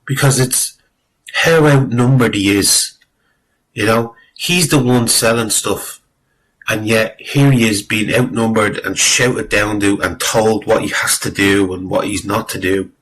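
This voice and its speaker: A man's voice: on the low side, fairly even intonation, measured pace, fairly bright tone, rough recording. A man giving rambling, exasperated spoken commentary on a clip, swearing freely and using lots of fillers. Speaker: video commentator.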